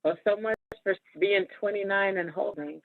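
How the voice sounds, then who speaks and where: A woman's voice: mid-range voice, moderate pace, dry recording, narrow, tinny audio. A woman in her forties hosting a podcast, talking in a candid, emphatic, casual way and laughing often. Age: 40s. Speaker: podcast host. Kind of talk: casual chat.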